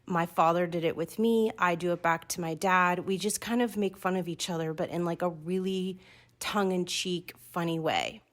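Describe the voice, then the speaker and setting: A woman hosting a podcast in a lower register, chatty and excitable. She laughs at herself as she rambles toward her point. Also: moderate pace. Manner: chatty, excitable, self-deprecating. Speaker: podcast host. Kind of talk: casual solo podcast talk.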